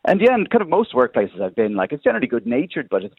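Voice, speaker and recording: A man's voice: mid-range voice, huge pitch swings, quick pace, breathy edge, dry recording. An Irish man calling a radio phone-in, talking in a hedging way with many "sort of" fillers. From Ireland. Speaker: radio caller. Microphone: telephone line. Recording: tinny phone line, dry.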